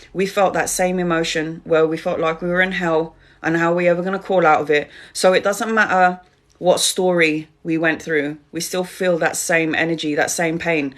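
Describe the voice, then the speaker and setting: A middle-aged woman, a tarot reader, giving a spiritual talk on a live stream, speaking straight to her viewers with emphatic repetition. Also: on the low side.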